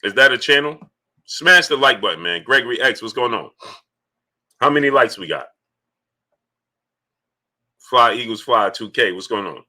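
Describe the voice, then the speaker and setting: Male livestream host, very bright tone, loose chatty delivery, mid pitch. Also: expressive, normal speed, long pauses. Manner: loose and conversational, greets viewers by name, repeats himself. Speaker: livestream sports host reading Super Chats. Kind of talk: casual live-stream talk.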